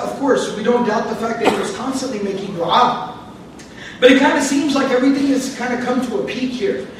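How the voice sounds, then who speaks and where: A man teaching a Quran lesson, reciting verses quickly and then explaining them in English. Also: extremely high pitch, very echoey, distant mic, slight background noise, low-quality recording. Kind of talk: explanatory lecture.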